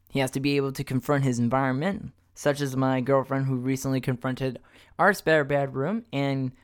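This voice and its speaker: A man's voice: medium pitch, clear, resonant tone, no echo. Young male podcast host, casual profane pep-talk monologue, mid-range voice, dry close sound. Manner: loose and profane, motivational self-talk.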